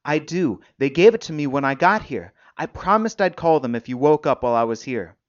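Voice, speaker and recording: A man's voice: a little high, expressive, a little fast, natural voice. A man reading the lines of an anxious young man at a bedside, eager and pleading, on a dull, dry recording.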